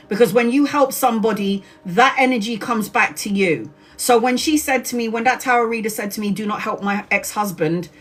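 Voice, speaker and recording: A woman's voice: medium pitch, fairly bright tone. A woman in her forties from Brazil, a tarot reader talking bluntly and chattily on a live stream, swearing casually and acting out quotes. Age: 40s.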